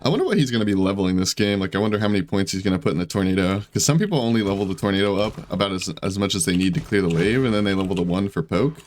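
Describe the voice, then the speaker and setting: A man with a lowish voice talks through a game as he plays it, chatty and loose, often thinking aloud and poking fun at his own play. A faint hiss sits under his voice. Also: animated, racing, hardly any pauses. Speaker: gaming YouTuber. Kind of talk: casual gameplay commentary.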